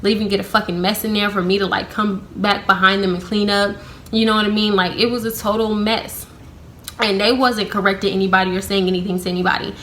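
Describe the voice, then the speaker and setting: A young woman vlogs a storytime in a casual, unfiltered way, swearing freely and leaning on "like" between phrases. Her voice is bright and a little sharp. When she acts out her own comebacks, her sarcasm gets animated. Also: medium pitch, fast talker, a little hiss or hum. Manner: blunt, profane, heavy use of "like" fillers. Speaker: vlogger.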